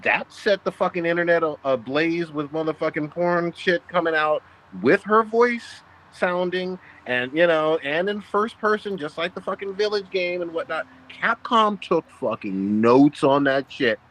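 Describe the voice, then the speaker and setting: A man's voice: on the high side, a little slow, hardly any pauses, a bit bright, rough recording. Crude, emphatic man telling a story. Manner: crude, emphatic storyteller, draws out words for effect. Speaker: podcast co-host. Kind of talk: casual gaming podcast chat.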